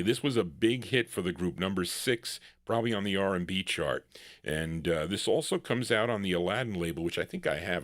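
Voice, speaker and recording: A man with a fairly low voice hosts a live record show, rambling casually between songs. He thinks aloud while reading out listener requests. His voice sounds dry and close, with little room around it. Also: a bit bright, no echo. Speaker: radio-style show host playing records.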